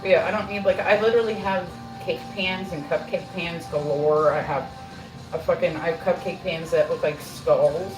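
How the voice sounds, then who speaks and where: Music plays in a roomy, echoey home kitchen where a middle-aged livestream host bakes, chatting casually and swearing freely. Her lowish voice is steady at normal speed, captured from a distance.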